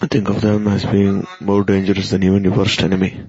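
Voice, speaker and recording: A man giving an earnest, admonishing devotional sermon, with pauses and fillers. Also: low-pitched, completely flat delivery, darkish tone. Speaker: spiritual teacher. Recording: dull lo-fi recording.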